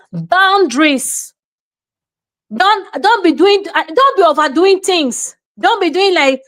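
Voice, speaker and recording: A woman with a Nigerian accent, hosting an opinionated commentary and lecturing forcefully, mixing in Pidgin and acting out little scenes in quoted voices. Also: extremely high pitch, animated, takes it slowly. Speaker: show host.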